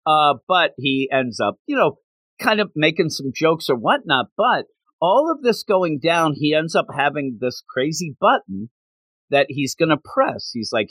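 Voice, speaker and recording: An animated man retells a comic scene by scene, jumping into character voices and laughing along the way. His pitch sits a little high and swings widely. The recording is dry and close. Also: unhurried, dry recording. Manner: animated storytelling, acts out characters' lines, laughs often. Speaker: comic book podcast co-host. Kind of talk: casual chat recapping a comic.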